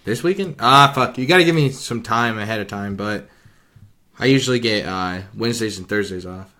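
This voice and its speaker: A man's voice: fairly low pitch, moderate pace, sharp tone. A young man co-hosting a casual podcast, jokey and profane as he chats with a friend. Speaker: podcast co-host. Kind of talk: casual chat over beers.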